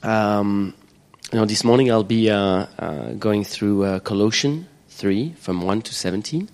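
A man with a French accent speaks to a church congregation in a somewhat low voice. He is earnest and hesitant, full of "um"s and restarts. When he reads scripture his delivery grows slower and more emphatic. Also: darkish tone. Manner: hesitant, many fillers, earnest. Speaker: church speaker leading a service. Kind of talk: sermon with prayer and scripture reading.

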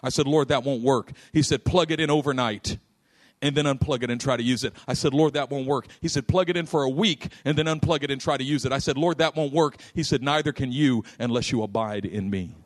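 A man preaches a sermon at a fairly quick pace, telling a personal story and voicing its characters. He drops soft and low in quiet moments and shouts at the peaks.

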